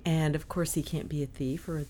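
A woman's voice: low voice, steady tone, normal speed, warm tone, slight background noise. A woman casually gushing about a book she has just read aloud. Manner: gushing, enthusiastic. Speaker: audiobook reader.

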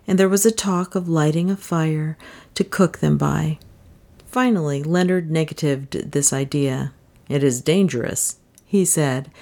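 A woman narrating an old adventure novel in a measured, steady storytelling voice. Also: deep voice. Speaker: audiobook narrator. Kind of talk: scripted narration.

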